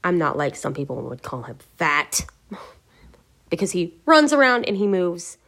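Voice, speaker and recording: A woman's voice: on the low side, big pitch swings, normal speed, a bit bright. A woman hosting a gaming video, thinking aloud in a rambling, hesitant way as she searches for words. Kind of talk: casual talk to camera.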